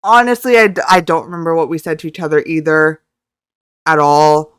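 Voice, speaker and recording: A young woman from Canada, telling a rambling, excitable story about meeting a group in a casual vlog, talking close to the mic. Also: low voice, fairly quick, clean tone, no echo. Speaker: YouTuber.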